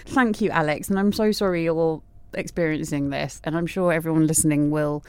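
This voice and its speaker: A woman hosting a podcast, talking in an effusive, halting way with many restarts. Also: low voice, fairly even intonation, smooth, no echo. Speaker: podcast host. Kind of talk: podcast interview and outro.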